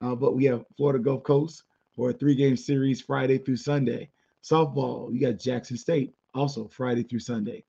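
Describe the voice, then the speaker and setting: A man's voice: mid-range voice, fairly even intonation, normal speed, gravelly, warm tone, husky, dull audio. A man hosting a casual sports podcast monologue, talking candidly and chattily, with blunt opinions and side remarks. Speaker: podcast host.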